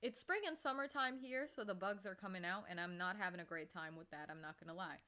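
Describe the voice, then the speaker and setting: A woman's voice: fairly low pitch, fast, bright, forceful tone. A woman livestreamer chatting casually with her viewers and reading their messages, laughing easily and getting worked up. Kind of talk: casual live-stream chat.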